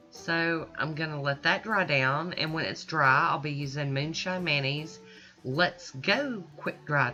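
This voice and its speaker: A woman's voice: low voice, sharp tone. A woman narrating her nail art tutorial in a chatty, upbeat way, teasing herself now and then. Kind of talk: casual voice-over tutorial. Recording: slightly dull audio with faint guitar music.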